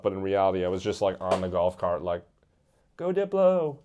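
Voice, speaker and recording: A man's voice: low voice, monotone, fast, darkish tone, highs cut off, slight background noise. Wry self-deprecating man telling a story. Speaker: comedian. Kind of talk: casual comedic storytelling.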